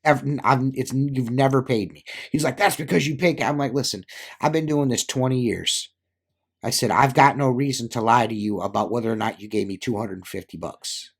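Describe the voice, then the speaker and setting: A man's voice: medium pitch, brisk, vocal fry, husky. Rambling man telling a work story. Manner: rambling, filler-heavy, acts out quoted dialogue. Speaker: window cleaner. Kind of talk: casual storytelling chat.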